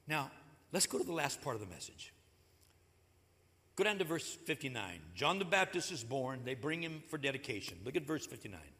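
A man preaching a sermon in a church, conversational and animated, acting out the stories as he goes. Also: on the high side, moderate pace, gravelly, long pauses. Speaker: pastor. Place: church sanctuary. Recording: echoey hall.

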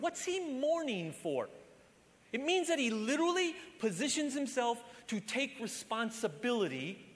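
A man preaching a sermon as pastor, impassioned and swinging between loud emphasis and hushed lines. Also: high-pitched. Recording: long hall reverb.

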